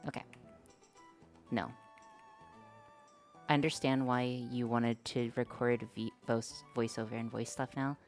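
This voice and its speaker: A woman's voice: rumbling low, steady tone, measured pace, long pauses, darkish tone, soft background music. A woman streamer chatting casually with her viewers, hesitant and self-conscious, with many fillers. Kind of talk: casual live-stream chat.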